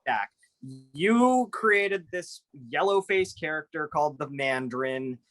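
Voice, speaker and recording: A man co-hosting a casual film podcast, earnest and measured, with a few stammers. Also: on the high side, animated, crowd noise. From United States. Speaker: podcast co-host.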